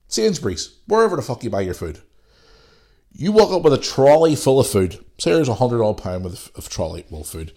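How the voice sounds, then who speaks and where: A man, who has a cold, ranting casually and swearing freely as the solo host of his podcast. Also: mid-range voice. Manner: ranting, sweary, loose and rambling.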